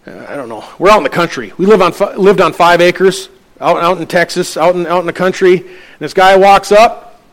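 Middle-aged pastor preaching a story. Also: male voice, fairly quick. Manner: storytelling, acting out dialogue with lifted pitch. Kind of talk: sermon.

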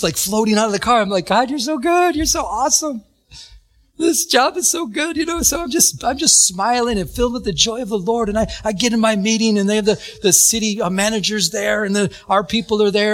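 A man delivers a sermon built around a personal story, voicing the people in it as he goes. His voice sits high for a man, and he talks in a lively, expressive way with frequent laughter. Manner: animated storytelling, acts out quotes, laughs often. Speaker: preacher.

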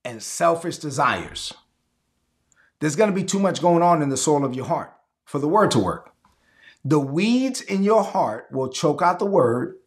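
A man's voice: on the high side, fairly bright tone. A man preaching a sermon to an online audience, emphatic and repetitive, leading the listeners in call-and-response declarations. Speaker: pastor.

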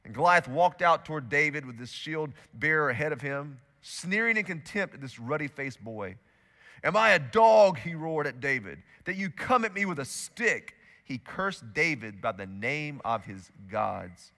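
Bright-voiced pastor preaching in a hall. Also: male voice, on the high side, moderate pace, hardly any pauses. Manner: lively storytelling with acted-out quotes. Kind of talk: sermon. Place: church auditorium.

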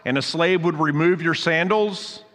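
A man's voice: a little high, unhurried, fairly bright tone. Man preaching in a reverberant hall. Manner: conversational, explains scripture with asides. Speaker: pastor. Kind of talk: sermon.

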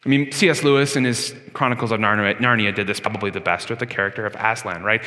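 A man preaching a sermon as pastor in a church, with a conversational manner that swings between loud emphasis and quiet moments. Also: lowish voice, fairly even intonation, fast, hardly any pauses, in a large hall. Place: church sanctuary.

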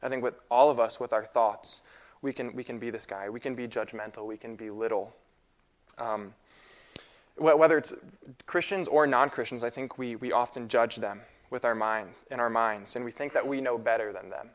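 A young man in his twenties preaches a sermon casually and haltingly, using fillers and repeating phrases. His voice is mid-range.

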